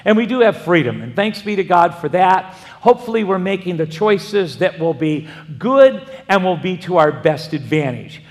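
High-pitched guy preaching, folksy rambling stories, big echoey church hall. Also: lively intonation, moderate pace. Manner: folksy, rambling anecdotes with frequent restarts. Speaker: pastor. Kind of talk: sermon with personal storytelling. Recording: long hall reverb.

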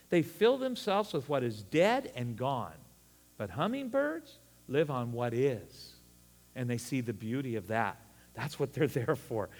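A middle-aged man preaching a sermon, animated and folksy, with chuckling asides. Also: mid-range voice, big-room sound. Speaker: pastor.

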